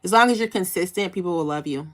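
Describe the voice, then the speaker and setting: Young woman livestream host, lowish voice, bubbly and chatty. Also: fast. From United States. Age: young adult. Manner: bubbly, chatty, breaks into excited high squeals. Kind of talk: casual livestream chat with viewers.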